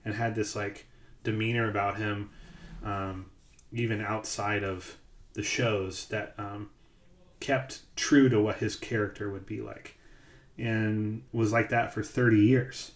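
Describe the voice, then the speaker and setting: A man's voice: lowish voice, flat delivery, slow, roomy sound. A man co-hosting a podcast, telling stories in casual chat with lots of ums and likes. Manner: rambling storyteller, many ums and likes. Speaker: podcast co-host.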